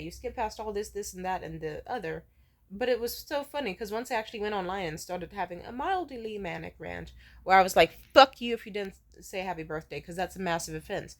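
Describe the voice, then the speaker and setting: A woman in her twenties telling a personal story in a casual vlog, emotional and profane as she rants. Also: fairly low pitch. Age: 20s. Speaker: vlogger.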